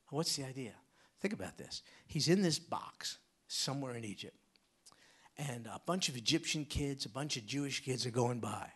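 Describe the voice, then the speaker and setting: A man preaching a sermon, swinging from loud emphatic bursts to hushed whispers. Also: mid-range voice, slightly rough.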